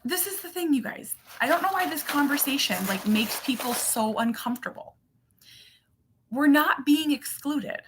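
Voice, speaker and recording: A woman's voice: high-pitched, animated, normal speed, background noise. A woman in her thirties or forties, a mother and channel host, chatting casually and animatedly on a livestream, full of fillers.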